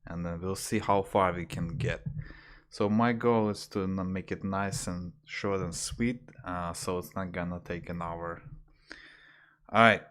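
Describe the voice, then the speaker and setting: A man teaching slang on a livestream, talking hesitantly with fillers and restarts, jumping higher when he imitates phrases. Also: steady tone, a little slow, fairly bright tone, slight background noise. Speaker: language teacher. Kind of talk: casual livestream lesson.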